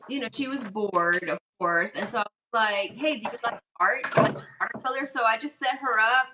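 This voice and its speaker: A woman with a mid-range, sharp-toned voice hosts a casual live craft stream, telling a chatty story and acting out people's quotes. There's slight background noise.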